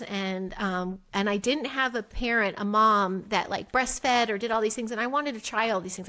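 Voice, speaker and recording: A middle-aged woman, a podcast guest, telling her story candidly and acting out the quoted dialogue with big jumps in her voice. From United States. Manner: animated, acts out quoted dialogue with pitch jumps.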